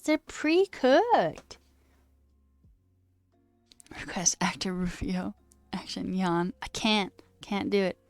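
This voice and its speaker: A woman's voice: on the low side, creaky, dry recording. A woman streamer chatting casually and reading chat aloud, rambling, laughing often and swearing now and then.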